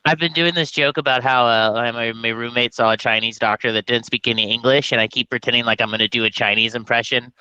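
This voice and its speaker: A man chatting casually as a comedian guest, rambling and jokey with animated bits. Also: medium pitch, fast talker, few pauses, clean tone, dry recording, lo-fi sound. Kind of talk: casual podcast chat.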